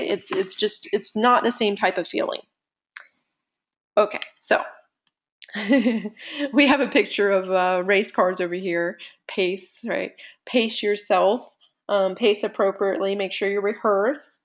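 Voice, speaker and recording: A woman teaching presentation skills in a live online session, talking conversationally with deliberate pauses and shifting loudness. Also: medium pitch, lo-fi sound. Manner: animated, conversational, uses deliberate pauses and vocal dynamics.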